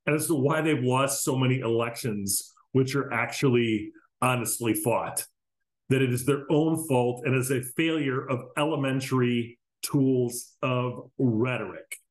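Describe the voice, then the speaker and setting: A man hosting his own podcast, ranting casually with plenty of profanity. His voice sits at an ordinary mid pitch. It bounces around a roomy, echoing space. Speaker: podcast host. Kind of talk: solo podcast commentary. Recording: roomy echo.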